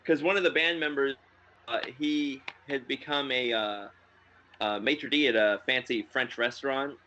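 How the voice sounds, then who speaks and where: A man chatting casually on a podcast, rambling through his thoughts with lots of fillers and laughs. His voice has a bright, forward tone. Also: mid-range voice, a little slow, dull audio. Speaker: podcast co-host. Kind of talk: casual chat.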